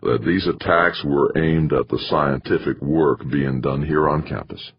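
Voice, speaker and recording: A grave, earnest middle-aged university president who is also a bishop, voiced by a man in a storybook reading. He speaks slowly and consolingly in a very deep, gravelly, husky voice. The recording is muffled and lo-fi. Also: big pitch swings, exaggerated voice. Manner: solemn, measured and consoling.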